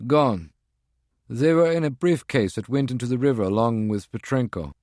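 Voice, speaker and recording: A tense male henchman on a secure line, as a man puts him on, his voice pitched higher and pushed louder than the narration. He reports in urgent, clipped bursts. The recording is dry and close. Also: moderate pace, no echo, lightly acted.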